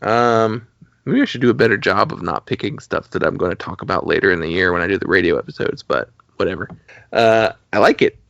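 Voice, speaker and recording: A man's voice: low-pitched, brisk, gravelly, fairly bright tone, dry recording. A man co-hosting a podcast, talking casually about albums in a rambling way with lots of fillers. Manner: rambling, with many fillers and laughs. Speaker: podcast co-host. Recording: dull, slightly lo-fi dry recording.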